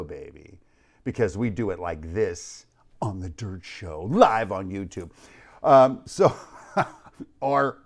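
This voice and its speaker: A man hosting a live online show, talking in an energetic, playful way, calling out names from the chat and dropping low at the ends of lines. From United States. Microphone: studio mic.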